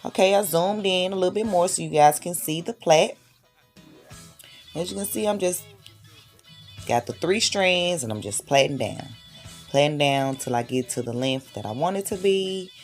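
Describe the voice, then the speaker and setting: A woman's voice: lowish voice, lively intonation, normal speed. A woman talks through a home hair tutorial. She chats with her viewers and hypes herself up as she braids. Faint music sits under her voice. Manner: chatty and self-encouraging, hyping herself up. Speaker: hair vlogger, mother of six. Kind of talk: casual tutorial vlog.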